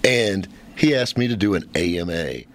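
A man's voice: low voice, moderate pace. A man hosting a radio show, telling stories in a joking, laughing way. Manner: joking, laughing often, animated storytelling. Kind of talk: casual radio banter.

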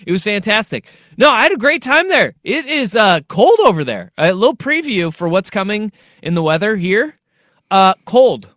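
A male radio host chatting casually, animated and playful, rambling through stories. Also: high-pitched, moderate pace, dry recording, studio quality.

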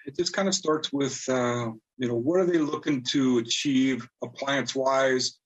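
A man's voice: medium pitch, normal speed, breathy edge, dull audio. A middle-aged man, a cabinet designer, talking as a guest in a friendly, easygoing way with many fillers. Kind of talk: casual interview talk.

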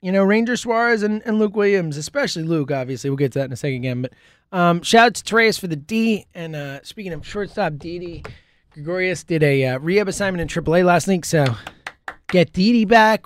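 A man hosting a sports talk show in a casual solo monologue, rambling and excitable, full of fillers and restarts. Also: high-pitched, a little fast, dry recording. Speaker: sports podcast host.

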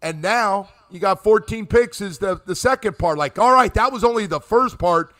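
A middle-aged man rambles through casual sports talk, poking fun at himself. His voice sits a touch high and he sounds close and dry on the mic, with no room around him. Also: moderate pace, bright, forceful tone, dry recording. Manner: rambling, self-deprecating. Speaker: sports radio host. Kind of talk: casual chat.

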